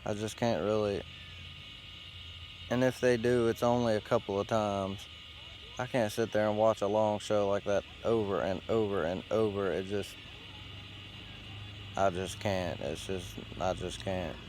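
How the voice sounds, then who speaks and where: A man with a fairly low voice talks in a loose, meandering way, cursing freely and stringing thoughts together with fillers. He sits outdoors against a tree, and faint ambient sound drifts in behind him. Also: steady tone, a little slow, pauses often, darkish tone, slight background noise. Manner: loose, profane, meandering talk with frequent fillers. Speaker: host. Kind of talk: casual rambling monologue.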